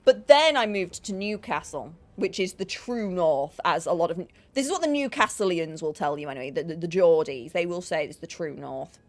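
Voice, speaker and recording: A woman's voice: fairly low pitch, lively intonation, fairly quick, hardly any pauses. A woman with a northern English accent chats with her stream while gaming, teasing and joking with her viewers. Her voice swings widely up and down as she talks. The sound is dry and close, with no room echo. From Yorkshire, England. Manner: chatty, teasing, jokey banter with chat. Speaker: game streamer. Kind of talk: casual live-stream chat while gaming.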